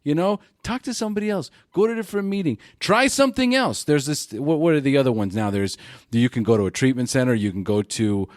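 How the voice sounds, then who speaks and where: A man's voice: mid-range voice, fast, no echo, clean studio sound. A man hosting a podcast interview, talking bluntly and animatedly about recovery. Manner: animated, blunt, swears freely. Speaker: podcast host. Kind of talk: casual interview chat.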